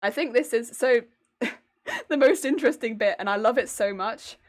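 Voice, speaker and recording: A woman's voice: fairly high pitch, animated, moderate pace. Giggly, chatty woman streamer. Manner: chatty, laughs often, restarts sentences. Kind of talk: casual chat with stream viewers.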